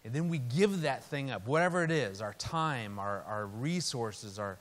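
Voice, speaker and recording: A man preaches through a family story, slipping into the voices of his characters as he goes. His voice sits at an ordinary middle pitch, and the sound carries a long reverb from a large hall. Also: moderate pace. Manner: animated storyteller, acts out quotes. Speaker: speaker. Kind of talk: storytelling sermon.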